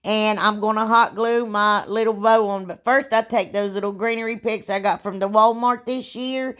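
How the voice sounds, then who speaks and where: A woman with a drawl talks viewers through a craft project in a loose, rambling style. She pokes fun at her own mistakes as she goes. A sore throat makes her stop often to clear it. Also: mid-range voice, steady tone, moderate pace, few pauses, fairly bright tone. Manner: chatty, rambling, self-deprecating. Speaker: DIY crafter. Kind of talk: casual craft tutorial voice-over.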